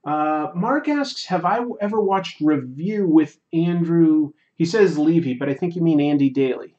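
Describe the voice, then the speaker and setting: A man hosting a drawing livestream, chatting casually and reading viewer comments, going quiet during fine detail work. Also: on the high side, normal speed, highs cut off. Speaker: livestream host. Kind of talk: casual chat while drawing.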